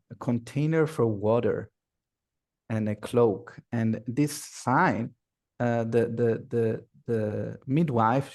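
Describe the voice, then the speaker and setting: A man, a workshop facilitator, telling a folk tale slowly over a video call, repeating and searching for words. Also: mid-range voice, darkish tone. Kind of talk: oral storytelling.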